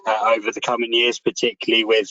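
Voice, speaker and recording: A man chairing a meeting and thanking presenters over a video call, relaxed and halting with many ums. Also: lowish voice, no echo. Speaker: section chair hosting a meeting. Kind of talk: closing remarks on a video call. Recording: dull lo-fi call audio.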